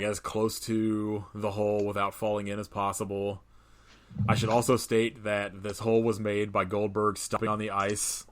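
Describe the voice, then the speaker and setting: A man's voice: lowish voice, fairly bright tone. A man co-hosting a podcast, recapping a film in casual chat, laughing often and swearing freely. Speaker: podcast co-host.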